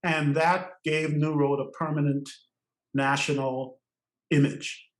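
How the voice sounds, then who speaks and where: An older man from Trinidad, a podcast guest, telling stories in an animated way and laughing often between phrases. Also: on the high side, takes it slowly, roomy sound, low-quality recording. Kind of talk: storytelling interview.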